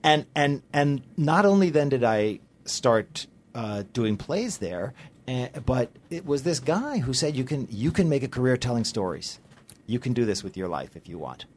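A middle-aged man speaks as a guest in a casual conversation and tells stories in a rambling, halting way. He fills his pauses with stock phrases and pokes fun at himself. Faint background noise runs under his voice. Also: mid-range voice, very animated. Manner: rambling storyteller, halting with fillers, self-mocking.

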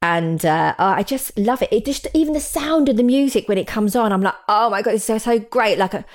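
A woman's voice: medium pitch, animated, a little fast. A woman in her thirties co-hosting a casual chat podcast, talking in an easygoing, reminiscing way. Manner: warm, reminiscing, easily emotional. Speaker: podcast co-host.

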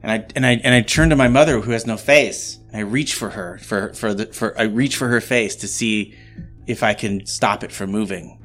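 A man's voice: lowish voice, normal speed, a bit bright, faint music behind. A man playing a tabletop game, describing his moves with hesitant restarts. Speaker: player.

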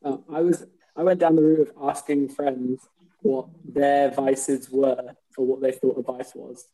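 Mellow-voiced hesitant man. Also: mid-range voice, level tone, measured pace, poor audio. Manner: rambling, hesitant, lots of "like" and "I mean". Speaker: podcast co-host. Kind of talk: casual chat.

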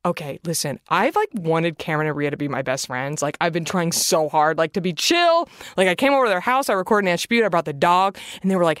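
A woman's voice: fairly low pitch, very animated, brisk, hardly any pauses, no echo, clean studio sound. A woman hosting a podcast in a casual, playful chat, talking expressively with sudden bursts of emphasis. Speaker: podcast host.

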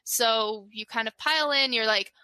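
A woman game master chatting through a tabletop adventure, describing scenes in loose, filler-laden speech. Her voice is bright and slightly high, recorded close and dry. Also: normal speed, smooth, no room sound.

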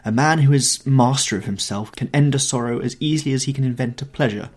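A man's voice: mid-range voice, fast, a little mellow, lightly acted. A man reading the part of a vain, callous young aesthete who talks in an airy, dismissive way. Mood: defiant.

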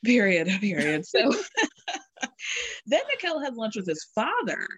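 Female co-host, animated recap storyteller, bouncy pitch, bone-dry mic. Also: takes it slowly, husky, no room sound. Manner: giggly, animated storytelling with quoted voices. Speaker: podcast co-host. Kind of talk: casual recap chat.

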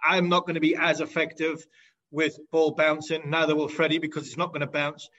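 A former cricketer hosting casual chat, asking easy, direct questions. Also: male voice, on the high side, level tone, brisk, a bit bright, muffled recording, a little hiss or hum. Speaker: former cricketer, podcast host.

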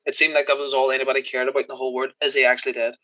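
An Irish man, a podcast guest, telling animated stories in casual chat, swearing and laughing as he goes. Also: medium pitch, very fast, no room sound, lo-fi sound. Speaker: podcast guest, special effects crew member.

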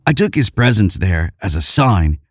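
Low-voiced man telling a comic tale. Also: very animated, normal speed, no echo. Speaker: narrator. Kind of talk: comic first-person storytelling.

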